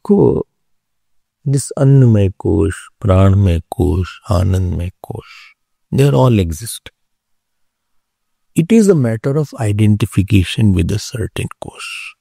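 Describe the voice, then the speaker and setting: A man gives a spiritual philosophy lesson, his low, gravelly voice swinging widely in pitch. He explains patiently and repeats his key terms. The sound is close and dry. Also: lively intonation, slow, dark tone, dry recording. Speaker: spiritual teacher. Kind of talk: philosophy class lecture.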